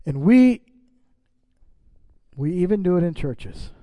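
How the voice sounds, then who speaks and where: A man's voice: sits high, sing-song, slow pace, mellow, dry recording. A middle-aged man preaching a sermon as pastor, reading scripture and breaking off into casual asides to the congregation.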